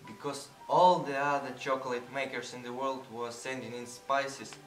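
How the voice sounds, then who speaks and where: A man playing an old bedridden grandfather in a school stage play, telling a story in a slow, unhurried way. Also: mid-range voice, steady tone, natural voice. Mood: warm storytelling. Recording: echoey hall, from far off, music behind.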